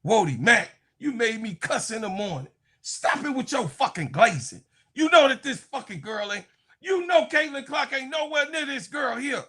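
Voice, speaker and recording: A man's voice: very high voice, sing-song, normal speed, bright, forceful tone. A man giving a heated, profane sports commentary rant, mocking and laughing.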